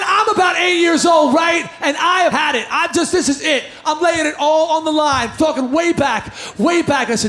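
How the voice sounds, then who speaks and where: Shouting man telling a story on stage. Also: very high-pitched, normal speed, echoey room, some chatter behind, a little hiss or hum.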